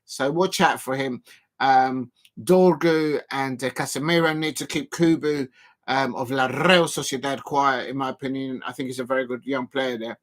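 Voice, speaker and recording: A man commentating live on a football match for his stream, rambling with many fillers and breaking into excited shouts at chances. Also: mid-range voice, moderate pace. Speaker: football watch-along streamer.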